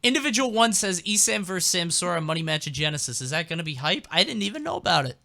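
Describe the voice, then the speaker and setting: A man's strikingly bright, sharp voice reads viewer questions on a casual talk show. He sits a bit high in pitch and tosses in dry remarks. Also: big pitch swings, fast, gravelly. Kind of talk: casual chat.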